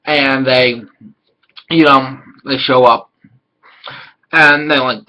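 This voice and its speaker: A man casually reviewing an anime episode, rambling and excitable, swearing now and then. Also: mid-range voice, slow, long pauses, low-quality recording.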